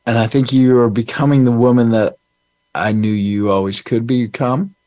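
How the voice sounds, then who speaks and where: A man's voice: medium pitch, fairly even intonation, normal speed, mellow, no room sound. A man co-hosting a live call-in show, easygoing and rambling as he tells a story. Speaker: co-host. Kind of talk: casual chat.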